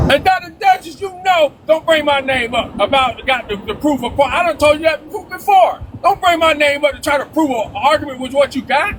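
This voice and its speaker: A man arguing heatedly on a live-stream panel, loud and profane, repeating himself and talking over the others. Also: very high-pitched, noisy background.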